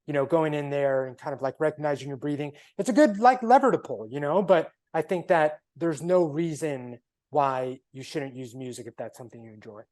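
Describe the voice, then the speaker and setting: A man's voice: on the high side, brisk, darkish tone. A man co-hosting a casual podcast chat, laid-back but emphatic, peppering his talk with "like" and "man". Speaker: podcast co-host.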